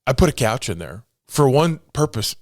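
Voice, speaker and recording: A man's voice: mid-range voice, big pitch swings, normal speed, no echo, studio quality. A man in his forties hosting a casual solo podcast from his home office, jokey and motivational in tone. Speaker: podcast host.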